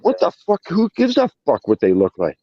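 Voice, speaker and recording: A man's voice: sits high, huge pitch swings, brisk, no echo, lo-fi sound. A man co-hosting a casual podcast chat, emphatic and swearing often. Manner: emphatic and profane.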